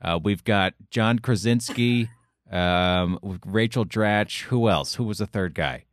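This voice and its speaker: Man, deep voice, dry teasing host, casual chat, no room echo. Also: slow pace. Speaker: podcast host.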